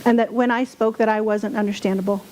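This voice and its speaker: A woman's voice: medium pitch, fairly even intonation, quick pace, a little mellow, a little hiss or hum. A woman giving a sermon as a spiritual speaker, candid and self-deprecating, sometimes mocking her own angry outbursts.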